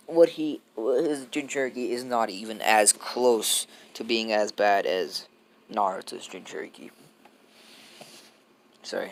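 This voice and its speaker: A man's voice: fairly low pitch, vocal fry. A young man improvising a casual fan story, rambling and heavy with fillers and restarts.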